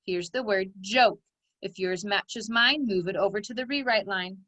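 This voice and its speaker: Speaking at a moderate pace with a medium pitch and a fairly bright tone, a woman teaches phonics to young children, patiently dictating words and drawing out their sounds. Her delivery is slow, clear teaching dictation, recorded without echo.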